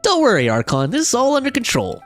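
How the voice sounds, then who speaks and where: A woman voicing a nervous young male architect who talks in a hurried, flustered stammer. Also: on the high side, wildly swooping pitch, faint music behind, voice pushed up.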